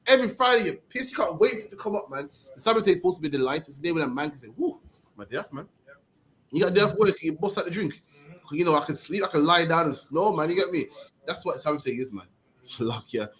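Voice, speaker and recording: Fast-talking slangy preacher man. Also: on the high side, expressive, fairly bright tone, low-quality recording. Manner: slangy, emphatic, ends phrases with "man". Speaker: street preacher teaching. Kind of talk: animated teaching with questions.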